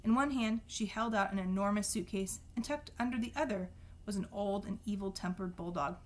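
A woman's voice: medium pitch, fairly even intonation, moderate pace. Woman reading a novel aloud. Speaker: reader.

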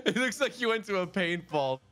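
Young man, giggly gamer, high and animated voice. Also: faint music behind. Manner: giggly, quick to join jokes. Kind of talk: casual gaming banter.

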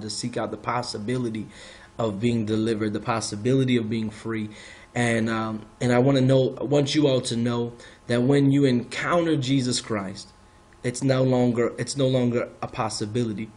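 A male minister giving a measured, earnest personal faith testimony. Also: mid-range voice, darkish tone.

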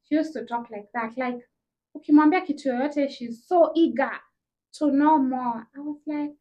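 A young woman with a Kenyan accent tells a casual storytime in a high voice. She jumps between English and Swahili slang and acts out each person in the story. The recording sounds slightly dull and lo-fi. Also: a little slow. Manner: animated, acts out dialogue with shifting voices. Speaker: vlogger.

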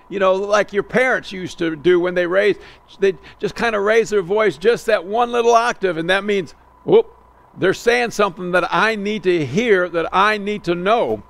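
A man with a raised, gravelly voice preaches an expository sermon. He works through a verse slowly and deliberately, drawing out the words he wants to stress and often restarting a phrase before going on. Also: high-pitched, fairly bright tone. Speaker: pastor.

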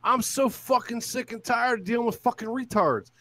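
A drunk man in a profane, taunting rant on a live stream, shouting at times. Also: extremely high pitch, moderate pace, no room sound.

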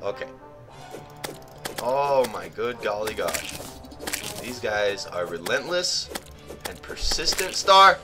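A young man giving excitable let's play commentary, often shrieking in panic and blurting silly exclamations. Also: fairly low pitch. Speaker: gaming channel host. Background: game music.

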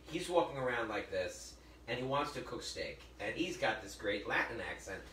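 A man's voice: medium pitch, animated, moderate pace, bright, forceful tone. A man hosting a live cooking demo as a chef, chatty and joking, often calling his viewers folks while he works. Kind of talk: live cooking demonstration with storytelling. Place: kitchen or library demo room. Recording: roomy, distant mic with faint noise.

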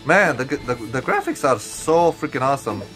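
A young man giving casual gameplay commentary, excitable and profane, stuttering and restarting, with sudden high yelps. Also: moderate pace, faint music behind.

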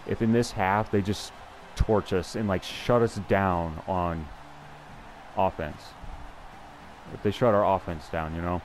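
A man's voice: deep voice, fairly even intonation, measured pace, long pauses, a little hiss or hum. Chatty young man commenting on gameplay. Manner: chatty, self-deprecating, thinks aloud with restarts. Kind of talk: casual live gameplay commentary.

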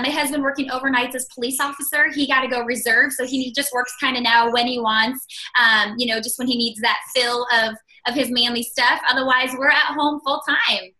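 A woman's voice: sits high, pushed and bright, poor audio. A woman in her thirties telling her personal success story on a call, chatty and upbeat, with many "like"s and "you guys". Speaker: guest speaker.

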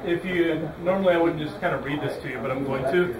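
A man's voice: on the high side, fast talker, noisy background. A male teacher going over a study guide with his class, casual and joking with students. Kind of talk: classroom review. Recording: echoey classroom from far off. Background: students chattering.

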